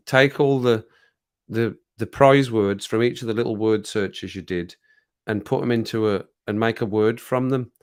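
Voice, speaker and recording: A man hosting a casual livestream chat, rambling through stories and laughing often. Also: fairly low pitch. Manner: chatty, rambling storyteller who laughs often. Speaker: livestream host. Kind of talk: casual chat with viewers over a drink.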